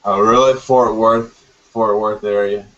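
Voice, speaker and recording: A man's voice: fairly low pitch, steady tone, takes it slowly, a bit bright, dull audio, a little hiss or hum. A man from Texas with a Texan accent, laid-back and drawling in a casual group call. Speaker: call guest.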